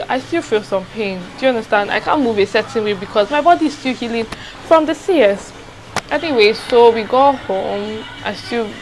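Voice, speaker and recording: A young woman shares a personal story in a casual vlog, rambling and confiding, repeating herself and checking in with her listeners. Her voice is mid-range, and the background is noisy.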